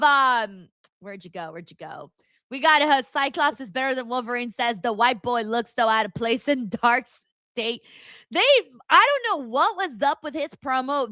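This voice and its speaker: Chatty woman streamer, high bright voice, dry close sound, blunt and rambly. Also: no echo. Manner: chatty, blunt, full of fillers and asides to chat. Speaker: livestream host. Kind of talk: casual live watchalong commentary.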